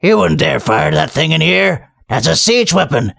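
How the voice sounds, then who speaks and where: A man voicing a surly, heavyset male armory clerk who talks gruffly. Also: a little high, expressive, normal speed, a bit bright, no room sound, clean studio sound, pitched above the performer's own voice, exaggerated voice. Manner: gruff, sullen.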